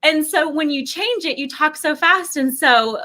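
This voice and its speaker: A woman in her thirties tells stories in a casual interview. Her voice sits a little high and sounds bright and forceful. She acts out quotes with lively shifts and laughs often. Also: measured pace. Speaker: guest, language course founder.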